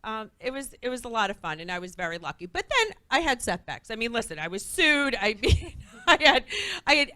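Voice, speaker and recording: Bright, animated woman talk-show guest. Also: fairly high pitch, fairly quick, hardly any pauses, no echo. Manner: animated, acts out quoted dialogue. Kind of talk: lively storytelling talk-show interview. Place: studio before live audience.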